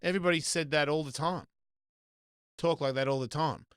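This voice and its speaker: A man's voice: fairly high pitch, a little fast, fairly bright tone, smooth, no echo, clean studio sound. A middle-aged Australian man hosting a casual chat, swearing freely and rambling through restarts. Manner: rambling, profane, lots of restarts. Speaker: host.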